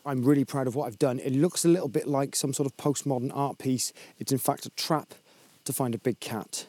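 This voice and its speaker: A man's voice: mid-range voice, fairly quick, warm tone, no room sound. Man presenting with dry mock drama. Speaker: comedy documentary presenter. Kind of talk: comic field presenting.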